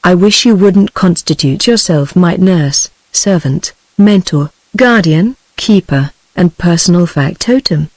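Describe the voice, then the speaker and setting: A synthetic British woman's voice reading the lines of a troubled, bitter young male soldier in a flat, even way. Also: on the low side, a little slow, hardly any pauses, dry recording. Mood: resentful.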